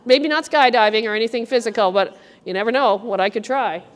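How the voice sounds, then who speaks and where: A middle-aged woman curator giving a chatty, animated walk-through talk to a group in an art gallery. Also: a little high, a little fast. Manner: chatty, animated storyteller, addresses the group directly. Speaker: guest curator. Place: art gallery exhibition room.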